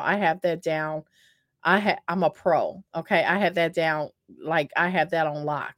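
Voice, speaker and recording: Speaking a little slowly in a fairly low voice, a vlogger casually tells the camera about a dating experience. She's chatty and self-mocking, full of fillers and repetitions, and addresses her audience as "y'all." The sound is clean studio audio with no room sound.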